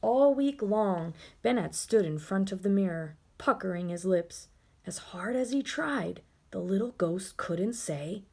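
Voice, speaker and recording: A woman reading a children's storybook aloud in a gentle, expressive way. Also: medium pitch, measured pace, gravelly, husky.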